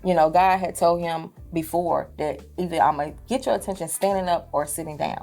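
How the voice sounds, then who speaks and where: A woman giving a casual faith testimony as an interview guest, telling her story in an animated, chatty way. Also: on the low side, brisk, faint music behind. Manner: animated storytelling, frequent "you know what I'm saying".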